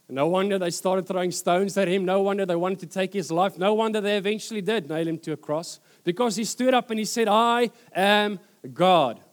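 A man preaching a sermon, retelling scripture with dramatic pauses and repeated phrases. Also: high-pitched, steady tone, a little mellow.

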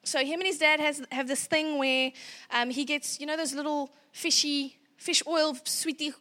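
A South African woman in her thirties shares parenting stories in a loose, chatty way, slipping into little acted-out bits of dialogue and laughing as she goes. Her voice sits high and sounds bright and forward. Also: moderate pace. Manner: animated, laughing, acts out dialogue. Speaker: parenting educator. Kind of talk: casual storytelling talk.

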